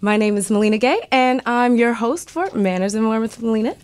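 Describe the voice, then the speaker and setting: A woman's voice: fairly high pitch, fairly quick, darkish tone, no echo. Bubbly congested woman radio host. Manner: bubbly, effusive, gushing praise. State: congested from a cold. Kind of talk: talk show hosting.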